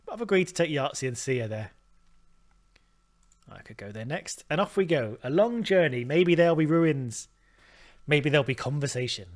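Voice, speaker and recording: A man's voice: fairly high pitch, expressive, moderate pace, long pauses. A man hosting a let's play, talking through the game in a chatty, self-deprecating way. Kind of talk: gameplay commentary.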